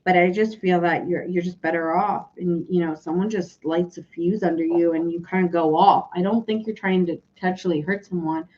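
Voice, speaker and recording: A woman's voice: fairly low pitch, fairly quick, hardly any pauses, lo-fi sound. A woman giving a casual, chatty tarot reading, talking loosely and laughing often. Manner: chatty, giggly, animated. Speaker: tarot reader.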